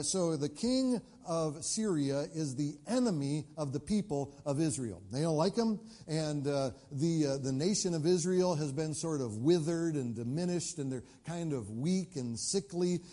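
Male pastor, mellow and slightly high voice, conversational preaching with emphatic peaks. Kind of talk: sermon.

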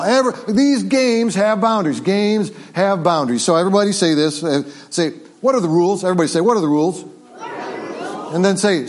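A man preaching a family Sunday sermon as pastor, lively and interactive, coaching the congregation through call-and-response and a game. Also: high voice. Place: church sanctuary.

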